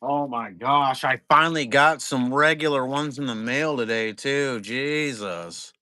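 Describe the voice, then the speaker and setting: A man running a card break stream, talking loose and rambling with plenty of cursing. His voice is bright and forward, and it sounds dry and close with hardly any room around it. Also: mid-range voice, unhurried, no room sound. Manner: rambling, profane, laid-back. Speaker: trading card break seller. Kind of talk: casual livestream chat.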